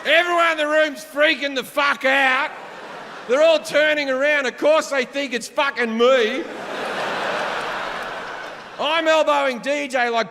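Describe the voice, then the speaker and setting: A man doing profane, animated stand-up storytelling, shouting his punchlines on a large theater stage. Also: extremely high pitch, measured pace, pauses often, noisy background. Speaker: stand-up comedian. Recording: live hall reverb, faint crowd ambience.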